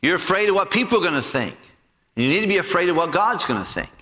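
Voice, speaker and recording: A man preaching with lively, swinging pitch and a bright, forceful tone. He tells stories and acts out the voices of the people in them. His voice carries a long reverb, as in a big church hall. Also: fast. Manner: animated storytelling, acts out voices and jokes. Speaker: pastor. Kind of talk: sermon.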